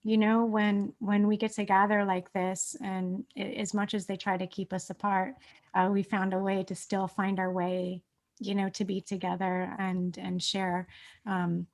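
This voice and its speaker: A woman's voice: medium pitch, level tone, a little slow. A woman in her forties hosting a casual interview, gushing and bubbly, with lots of fillers. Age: 40s. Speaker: host.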